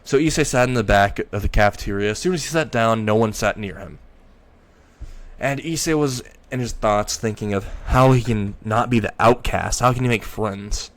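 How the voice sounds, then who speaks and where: A man's voice: fairly low pitch, normal speed. Rambling male fan-story narrator. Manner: rambling, self-correcting.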